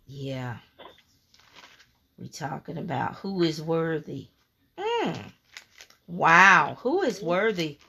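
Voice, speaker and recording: A woman preaching a sermon, fervent and emphatic, repeating key phrases and reading scripture in a slow, measured cadence. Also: low voice, big pitch swings, creaky, sharp tone, slight background noise.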